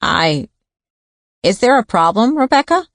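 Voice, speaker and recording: A woman reading an audiobook, voicing a guarded male pathologist with a high, nasal voice and a careful, formal way of talking. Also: very animated, measured pace, a bit bright, no room sound, studio quality, full character voice. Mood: uneasy. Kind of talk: audiobook character voice.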